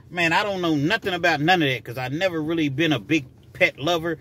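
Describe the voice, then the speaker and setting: A man's voice: fairly high pitch, brisk, hardly any pauses, slightly rough. A man telling a personal story casually, acting out scenes as he goes. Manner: animated, acts out scenes.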